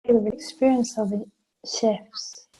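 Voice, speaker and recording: A woman facilitating a gentle guided session, speaking softly and soothingly with simple images. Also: fairly high pitch, fairly even intonation, slightly rough, poor audio. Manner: soft, slow and soothing, with imagery. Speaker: energy work facilitator.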